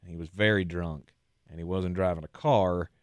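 A man's voice: low-pitched, fairly even intonation, normal speed, no room sound. A man co-hosting a sports talk show, telling stories in a chatty way and laughing often. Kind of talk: casual podcast banter.

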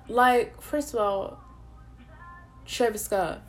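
A woman ranting, profane and animated, rambling with lots of fillers and self-interruptions. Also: on the high side, takes it slowly, faint music behind. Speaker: vlogger. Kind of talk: casual opinion rant to camera.

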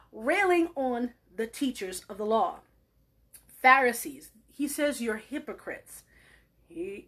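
A woman's voice: on the high side, fairly bright tone, husky. A woman preaching a sermon, emphatic and repetitive, sometimes dropping to a whisper for emphasis. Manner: emphatic, repeats key words, drops to whispers for emphasis.

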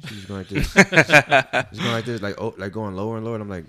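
A man on a casual podcast who talks quickly in a low voice. He tells stories with slang and plenty of fillers. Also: pushed and bright. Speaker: podcast co-host. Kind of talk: casual chat.

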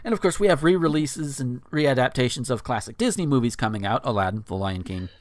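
A man's voice: mid-range voice, animated, fairly quick. A man in his thirties reading a blog post aloud on a podcast, breaking off for incredulous asides with frequent fillers. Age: 30s.

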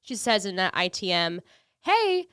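A bright, animated woman co-hosts a casual podcast chat at a moderate pace. Her medium-pitched voice is clear and resonant, recorded with clean studio sound and no room noise.

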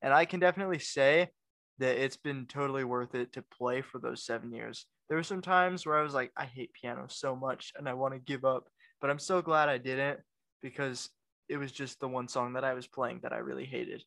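A man's voice: medium pitch, a little fast, vocal fry, a bit bright, dry recording. Eager young man chiming in. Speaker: podcast co-host. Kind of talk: casual chat.

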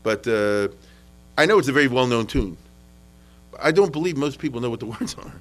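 A man giving a classroom history lecture, animated and full of restarts, acting out quotes to his students. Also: mid-range voice, brisk, low-quality recording.

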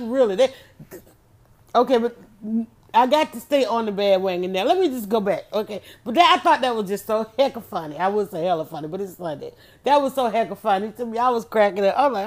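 A woman host, telling an animated story to her viewers in casual chat, laughing often. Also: a little high, normal speed. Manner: animated, chatty, laughs often, talks straight to her audience.

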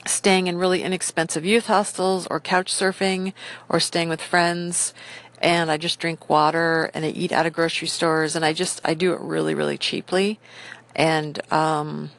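Low, gravelly-voiced rambling woman. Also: level tone, moderate pace. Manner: rambling, enthusiastic, many fillers. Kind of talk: casual monologue.

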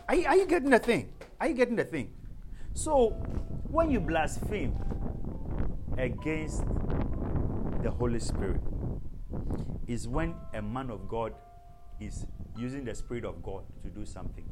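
A man teaching a sermon on prayer, calling out questions to the congregation and breaking into tongues. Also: mid-range voice. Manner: animated, calls to the congregation, bursts into speaking in tongues. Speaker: preacher.

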